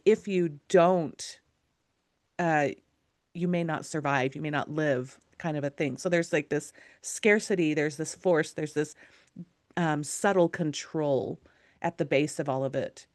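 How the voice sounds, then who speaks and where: A woman's voice: lowish voice, no room sound, studio quality. A woman co-hosting a podcast, talking in a loose, rambling way with frequent laughs and restarts. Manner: rambling, laughs often, self-interrupting. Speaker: podcast co-host. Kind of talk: casual conversation.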